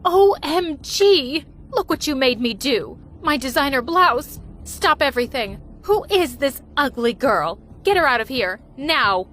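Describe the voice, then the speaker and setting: A woman's voice: a little slow, few pauses. A woman voicing a vain, self-centered celebrity mother who stars on a reality TV show, putting on a syrupy public manner. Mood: shrieking. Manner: shrill when angry, syrupy for cameras.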